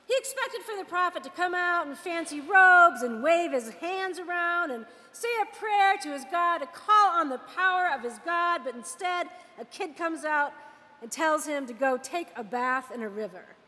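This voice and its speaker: A woman's voice: extremely high pitch, lively intonation, measured pace, pushed and bright, long reverb tail, full character voice. A woman voicing a proud, indignant male army general in a retold scripture story. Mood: outraged. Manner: indignant, ranting.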